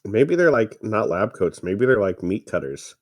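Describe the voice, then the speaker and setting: Low, lively-voiced man in a dry room. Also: moderate pace. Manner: rambling, deadpan jokes with fillers. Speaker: podcast co-host. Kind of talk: casual movie riffing commentary.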